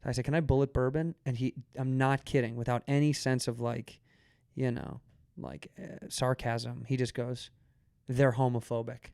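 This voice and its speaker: A man's voice: mid-range voice, moderate pace, gravelly, clear, resonant tone, no room sound. Male podcast host, rambling anecdotal comic delivery, dry close mic. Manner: animated storyteller, rambling with restarts. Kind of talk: casual chat.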